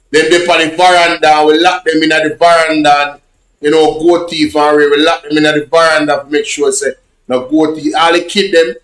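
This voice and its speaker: Speaking patois in an echoey room, a Jamaican-accented man chats with his online audience, his stories meandering and repetitive. He's a social media vlogger whose voice is fairly high-pitched and a bit bright.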